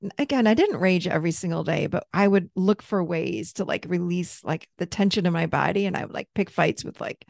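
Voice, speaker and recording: Gravelly, candid middle-aged woman. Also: lowish voice, brisk, no echo, clean studio sound. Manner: candid, animated, laughs easily, swears freely. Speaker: therapist and coach, podcast guest. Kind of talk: casual storytelling in an interview.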